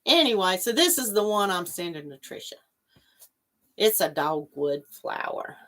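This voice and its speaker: A woman's voice: lowish voice, sing-song, unhurried, fairly bright tone. A woman hosting a casual livestream, chatting in a rambling way and reading out viewer comments. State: coughing after choking on water. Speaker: livestream host. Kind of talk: casual chat with live viewers.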